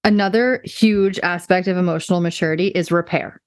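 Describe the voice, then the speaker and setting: Animated woman podcast co-host, dry sound. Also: on the low side, a little fast, clean tone, no room sound. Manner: animated, quotes others in little voices. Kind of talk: casual book club discussion.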